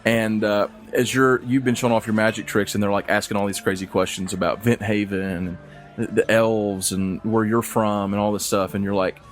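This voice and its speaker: A man's voice: fairly low pitch, flat delivery, brisk, faint music behind. A man narrating a tabletop game as game master, easygoing and rambling, with many filler phrases.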